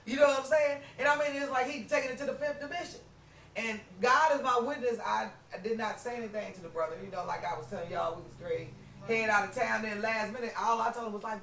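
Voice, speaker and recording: A woman podcast host telling a story in casual chat, animated and acting out what people said. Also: a little high, fairly quick. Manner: animated, acts out quoted lines, lots of "you know what I'm saying". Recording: roomy room, distant mic.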